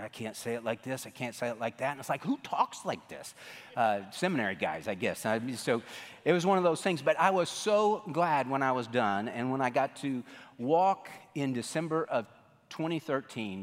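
A middle-aged man preaching a sermon as pastor, telling stories in a folksy way and acting out what people said. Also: a little high. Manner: folksy storytelling, animated quoting. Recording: long reverb of a large hall.

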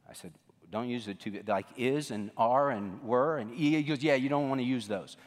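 Folksy pastor in a reverberant hall. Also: male voice, medium pitch, normal speed. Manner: folksy storytelling, animated quoting. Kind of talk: sermon. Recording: long reverb of a large hall.

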